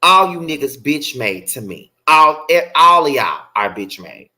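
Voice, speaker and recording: High, bright-voiced man ranting. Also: very animated, measured pace. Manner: blunt, profane, heated; repeats lines for emphasis. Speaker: show host. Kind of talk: ranting commentary livestream.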